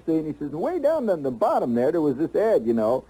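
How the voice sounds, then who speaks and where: A man's voice: on the high side, huge pitch swings, brisk, hardly any pauses, dark tone, breathy edge, low-quality recording. A man telling a long comic story on stage, rambling with lots of "you know" and restarts.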